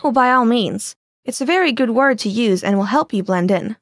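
A woman teaching in a scripted language lesson, explaining clearly and patiently. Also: fairly high pitch, lively intonation, moderate pace, no room sound, studio quality.

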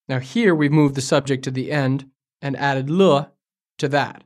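A man's voice: mid-range voice, unhurried, a little mellow. A man co-hosting a language lesson podcast, speaking as a curious learner who asks for examples, recorded in a studio. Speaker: co-host. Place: studio in Beijing.

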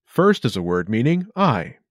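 A man hosts a short language lesson with a clear, upbeat instructional delivery. His pitch swings lively through each phrase, and his voice sounds close and dry, with no room around it. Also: moderate pace, dry recording, dull audio. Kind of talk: scripted lesson narration.

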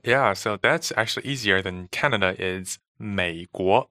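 A man's voice: low-pitched, moderate pace, bright, forceful tone, no echo, clean studio sound. A man from China co-hosting a language lesson podcast, giving short answers and modeling pronunciation. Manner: brief, affirming, models pronunciation.

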